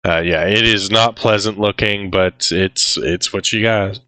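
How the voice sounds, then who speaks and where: Man, fairly low voice, bright forceful tone, dry close sound, casual film recap. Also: fairly even intonation, a little slow, clear, resonant tone, no room sound, poor audio. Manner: laid-back, many fillers, quotes characters in raised voice. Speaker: podcast co-host.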